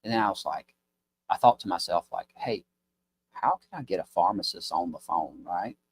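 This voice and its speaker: With a deep, animated voice at a moderate pace, a businessman from Mississippi spins a folksy, wandering story as a guest on a podcast. He imitates the voices of people he describes, and there's a little hiss or hum in the recording.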